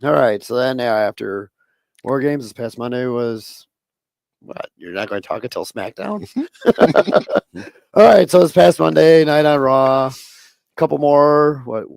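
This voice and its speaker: A man's voice: mid-range voice, unhurried, gravelly, pauses often, a little mellow, no room sound. A man co-hosting a casual wrestling podcast, laid-back and steering the rundown. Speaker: podcast co-host.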